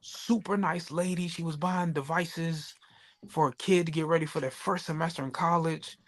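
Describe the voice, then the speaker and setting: Animated storytelling podcast guy. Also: fairly high pitch, moderate pace. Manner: animated storyteller acting out customer quotes. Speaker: podcast co-host. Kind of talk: casual chat.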